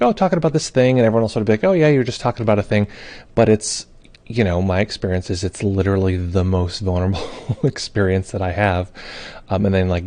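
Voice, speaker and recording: A man's voice: low-pitched, dark tone. A man hosting a meditation live stream, chatting casually, greeting viewers and reading their comments aloud, with many fillers. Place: home or studio in Brooklyn.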